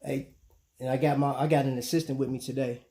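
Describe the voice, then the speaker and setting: A man's voice: mid-range voice, level tone, fast, warm tone. A man hosting a casual live stream, talking loosely with his viewers and throwing "man" and "bro" into most lines. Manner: laid-back slang, chatting with viewers, often saying "man".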